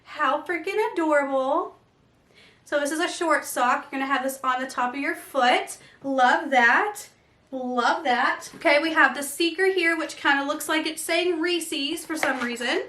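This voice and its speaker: Excitable woman vlogger, high voice, chatty and filler-heavy, echoey room. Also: a little slow. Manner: gushing, excitable, many fillers. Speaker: vlogger unboxing an advent calendar. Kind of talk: casual unboxing chat.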